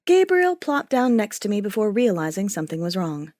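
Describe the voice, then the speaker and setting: Brief: woman audiobook narrator, wry and expressive, lively pitch, dry close sound. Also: fairly quick, no room sound. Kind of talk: first-person audiobook narration.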